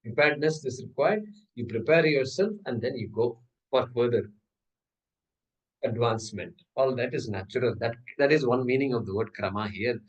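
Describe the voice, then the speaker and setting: A man's voice: medium pitch, darkish tone, muffled recording. Man teaching scripture, from a distance. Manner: explains step by step, with rhetorical questions; chants Sanskrit terms and verses. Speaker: Vedanta teacher. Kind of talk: scriptural class lecture. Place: class hall.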